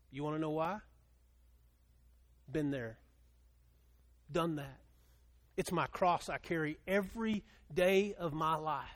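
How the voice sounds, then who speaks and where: A middle-aged male pastor preaching a sermon, moving between quiet storytelling and loud, impassioned appeals. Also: fairly high pitch.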